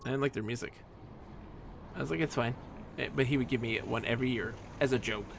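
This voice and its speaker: A man streaming a game, telling a rambling personal story in a chatty, animated way. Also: mid-range voice, quick pace, vocal fry, slight background noise. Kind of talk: casual storytelling while playing a game.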